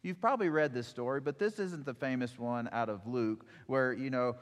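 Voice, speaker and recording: Male preacher, mid pitch, animated storyteller; recorded with long hall reverb. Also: normal speed. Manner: storytelling, animated retelling with acted quotes. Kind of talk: sermon.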